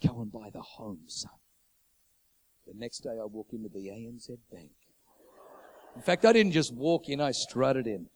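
A middle-aged pastor preaching a sermon, swinging from loud, urgent declarations to hushed, intimate storytelling. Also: male voice, medium pitch, animated, moderate pace, long pauses, rough recording.

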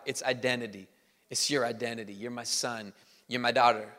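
Preacher with a bright, tense voice in a reverberant church. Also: male voice, mid-range voice, steady tone, a little fast. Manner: emphatic, swings between loud preaching and soft quiet delivery. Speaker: pastor. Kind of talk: sermon. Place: church hall. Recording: long reverb of a church hall.

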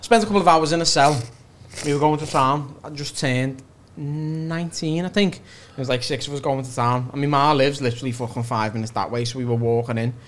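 A man's voice: medium pitch, a little fast. A man with a Liverpool accent, a podcast co-host telling a laid-back, swear-laced anecdote. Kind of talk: casual chat.

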